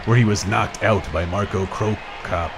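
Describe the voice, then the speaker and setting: A man's voice: on the low side, fairly even intonation, moderate pace, over music. A man hosting a casual livestream, joking, rambling and reading chat comments aloud with frequent laughter. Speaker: podcast host.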